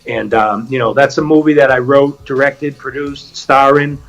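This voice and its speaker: A man's voice: mid-range voice, normal speed, dull audio, soft background music. A middle-aged man with a Boston accent, an actor guest chatting casually and telling stories. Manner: animated storyteller, acts out quotes. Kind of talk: casual chat.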